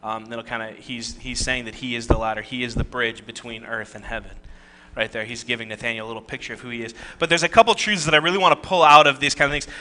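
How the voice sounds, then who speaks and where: A man's voice: mid-range voice, fairly even intonation, fast, sharp tone. A man preaching a conversational sermon, reading scripture and adding joking asides and rhetorical questions. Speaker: pastor.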